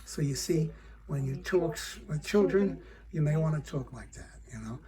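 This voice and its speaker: Male puppeteer, casual how-to talk, halting and rambling delivery. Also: fairly high pitch, lively intonation, crowd noise. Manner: rambling, many fillers and restarts.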